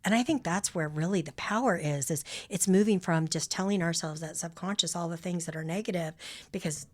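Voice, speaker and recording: A woman's voice: fairly low pitch, fairly quick. A woman co-hosting a podcast in casual chat, affirming and encouraging as she talks. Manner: encouraging, affirming, plays out self-talk. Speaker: podcast co-host.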